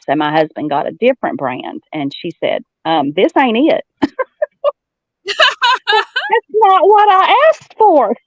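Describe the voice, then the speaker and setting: A woman's voice: low-pitched, no room sound, lo-fi sound. A woman from the American South with a Southern accent, chatting as a guest and acting out the voices of the people in her stories. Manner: storytelling, acts out quoted voices, laughs often. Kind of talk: casual chat.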